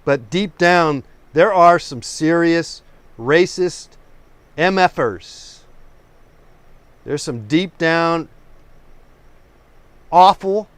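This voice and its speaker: A man hosting a live painting stream, talking in a loose, rambling way and tripping over words after a few drinks. His voice sits a little high and comes through smooth and resonant in a dry, close sound. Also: extremely slow, pauses often, dry recording. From Oakland, California. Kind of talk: casual live-stream chat.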